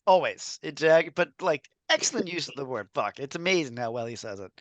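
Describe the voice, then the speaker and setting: A man co-hosting a podcast, his pitch swinging widely as he muses aloud and makes emphatic points. The sound is dry and close. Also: brisk, dry recording. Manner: wondering aloud, emphatic, lively. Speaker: podcast co-host. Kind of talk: casual chat.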